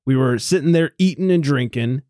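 A man co-hosting a casual podcast, telling stories in an animated way, swearing freely and laughing often. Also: medium pitch, brisk, dry recording, clean studio sound. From United States. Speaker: podcast co-host. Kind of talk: casual chat.

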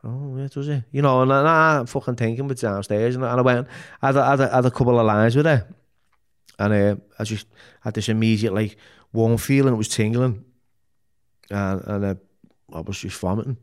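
A man's voice: medium pitch, a little fast, clean tone. A man from Liverpool with a broad local accent tells his life story as a podcast guest, speaking frankly and with feeling. He swears freely and often stumbles over restarts as he works his way to a point. His voice sits in an ordinary middle range. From Liverpool, England. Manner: frank and emotional, heavy swearing, many restarts. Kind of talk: candid personal storytelling.

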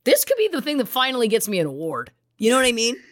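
A woman's voice: a little high, wildly swooping pitch, fast talker, fairly bright tone, no room sound. A woman co-hosting a casual true crime podcast, playful, with jokey asides, close to the mic. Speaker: podcast co-host.

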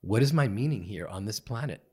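A man guest on a podcast, telling a personal story in an earnest, halting way with many fillers and restarts. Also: lowish voice, expressive, darkish tone, husky. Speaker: guest, meditation teacher. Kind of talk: reflective storytelling. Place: podcast studio.

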